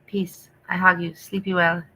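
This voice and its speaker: A woman's voice: lowish voice, little pitch movement, moderate pace, bright, forceful tone, a little hiss or hum, rough recording. A woman hosting a casual livestream, chatting affectionately and playfully with her viewers. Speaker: livestream host.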